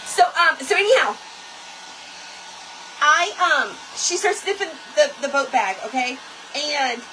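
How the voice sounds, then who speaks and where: Woman hosting a craft stream, bright voice, faint hiss behind. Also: high-pitched, a little slow, pauses often. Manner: chatty, animated, talks to viewers as y'all. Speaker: craft livestream host. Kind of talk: casual storytelling while crafting.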